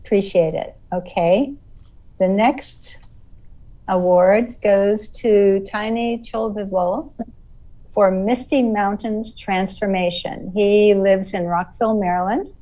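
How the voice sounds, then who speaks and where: Unhurried woman hosting an online award show. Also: mid-range voice, fairly even intonation, dark tone. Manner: friendly, slightly apologetic, self-correcting. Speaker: exhibition host. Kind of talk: casual online award presentation. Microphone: video call. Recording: distant mic on a video call.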